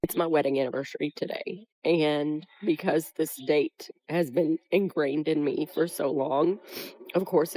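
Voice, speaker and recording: A woman's voice: sits low, warm tone, breathy edge, dry recording, low-quality recording. A woman confiding to camera in a reflective, subdued way. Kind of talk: quiet personal confession to camera.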